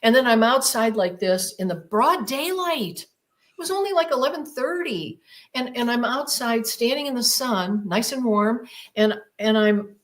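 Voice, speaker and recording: A woman's voice: a little high, animated, unhurried. A woman guest on a podcast, retelling a personal experience in a vivid, emphatic way with repeated phrases. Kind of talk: dramatic personal storytelling.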